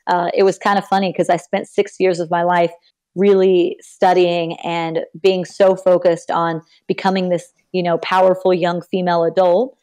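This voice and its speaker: Animated young woman telling stories. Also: moderate pace. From Texas. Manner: animated, acts out quoted people with big pitch jumps. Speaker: podcast guest. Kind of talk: casual storytelling in an interview.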